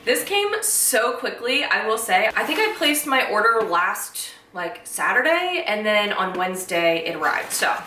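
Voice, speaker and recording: A woman's voice: mid-range voice, measured pace, hardly any pauses, far from the mic, a little hiss or hum. Gushing young woman, echoey room. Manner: gushing, excitable, emotional. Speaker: vlogger. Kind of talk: casual unboxing vlog.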